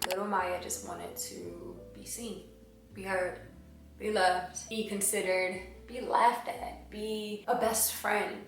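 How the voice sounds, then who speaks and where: A woman's voice: mid-range voice, vocal fry. A young woman from Washington, D.C. sharing a candid, emotional personal testimony in a confessional way. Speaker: vlogger sharing her testimony. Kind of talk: personal testimony, talking to camera. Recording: very echoey room, voice away from the mic, faint music.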